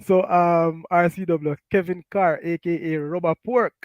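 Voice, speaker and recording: Jamaican male host, brighter voice, chatty, laughs a lot, dry sound. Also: high voice, measured pace, no echo, lo-fi sound. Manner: laughs often, animated, Patois-flavored. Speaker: talk show host. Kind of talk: casual live-stream chat, reading comments.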